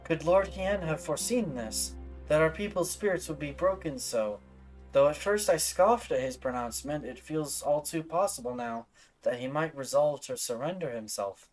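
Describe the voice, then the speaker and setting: A man's voice: a little high, animated, normal speed, soft background music. A man voicing a proud, grave older warrior in a game, speaking in a formal, solemn, old-fashioned way.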